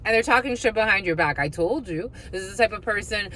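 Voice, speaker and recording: A woman's voice: mid-range voice, animated, fairly quick, hardly any pauses, a bit bright, slight background noise, low-quality recording. A woman doing a casual tarot energy reading, blunt and profane, with sing-song asides and mocking voices.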